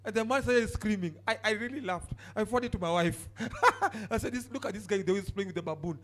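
A man preaching a sermon, jumping from shouted outbursts to quiet asides and telling the congregation to turn to their neighbors. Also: sits high, fairly quick, few pauses. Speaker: pastor.

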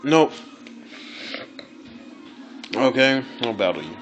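A man giving casual, excitable gameplay commentary, swearing, laughing and repeating phrases. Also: mid-range voice, slow, over music, rough recording.

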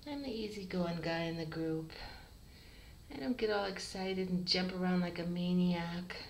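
A woman voicing a sweet, easygoing male kitten in a soft whispered role-play. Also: lowish voice, moderate pace, slight background noise, natural voice. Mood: contented. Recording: echoey small bathroom, mic far off.

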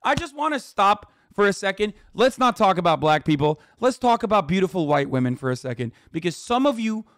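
Angry high-voiced male streamer ranting. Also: big pitch swings, a little fast, few pauses, fairly bright tone, no room sound, clean studio sound. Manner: angry, profane, reads news aloud then rants at chat. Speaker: streamer reacting to news. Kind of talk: heated livestream rant.

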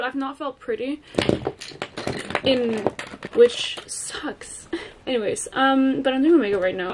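Young female vlogger, 20s, chatty and giggly, slightly raised pitch. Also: a little hiss or hum. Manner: chatty, giggly, swears casually. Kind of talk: casual vlog chat.

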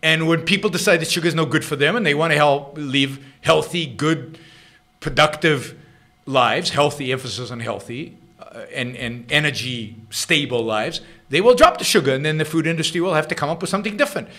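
Bright-voiced emphatic male show host. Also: on the high side, fairly quick. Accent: Israeli. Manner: emphatic, repeats words and restarts often. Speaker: show host answering listener questions. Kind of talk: casual unscripted commentary.

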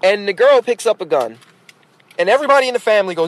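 A man's voice: sits high, lively intonation, fast talker, a little hiss or hum. A man hosting a podcast, delivering a blunt, exasperated rant full of fillers and restarts. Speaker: podcast host. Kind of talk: ranting monologue.

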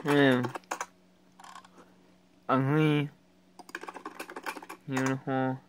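A young man talks over a video he is watching, voice at an everyday middle pitch. He keeps up a running reaction commentary and jumps into loud, excited shouts. There is a faint hiss of noise behind him. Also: very slow, rough recording. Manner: excitable, loud bursts of exclaiming.

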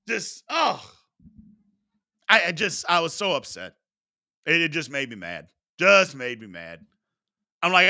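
A man's voice: high-pitched, big pitch swings, normal speed, creaky, pauses often, sharp tone. A man from the Louisville area hosting a live sports talk show, answering chat questions and repeating his points for emphasis. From Louisville, Kentucky area.

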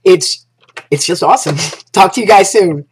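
A woman talking casually to her viewers as an affiliate marketer, gushing and excitable, restarting sentences and piling up exclamations. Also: fairly low pitch, moderate pace, slight background noise. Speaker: affiliate marketer pitching a business platform. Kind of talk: casual promotional vlog talk.

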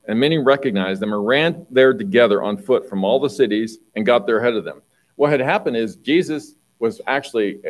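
A man preaching a conversational sermon, reading Bible passages and explaining them, often clearing his throat. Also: lowish voice, darkish tone, low-quality recording.

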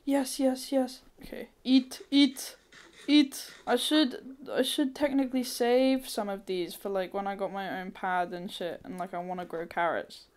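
A woman giving casual let's-play commentary, thinking aloud, swearing freely and breaking into sudden excited squeals. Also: medium pitch, a little slow. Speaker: gamer.

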